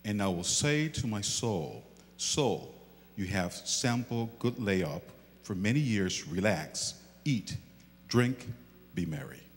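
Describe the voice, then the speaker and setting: Man, reading scripture, low voice, slow, distant in a reverberant hall, faint music. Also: lively intonation. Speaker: congregation member reading scripture. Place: church sanctuary.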